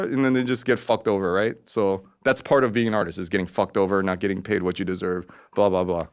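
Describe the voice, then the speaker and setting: A man, an artist guest, telling a story in casual, rambling talk, cursing freely and getting animated. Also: fairly low pitch, fast talker, few pauses.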